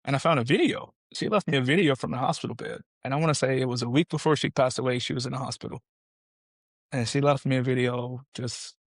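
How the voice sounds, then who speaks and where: A man speaking as a podcast guest, telling his personal story in an earnest, halting way with restarts. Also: medium pitch, dry recording.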